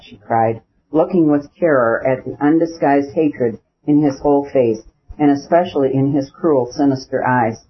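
A man narrating a classic novel as an audiobook in a measured storytelling manner. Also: mid-range voice, slightly rough. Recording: dull lo-fi recording.

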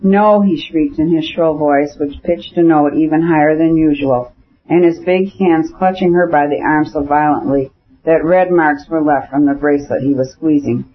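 Husky male audiobook narrator, lo-fi. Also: fairly high pitch, fairly even intonation, moderate pace. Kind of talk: scripted narration of a classic novel. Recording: dull lo-fi audiobook recording.

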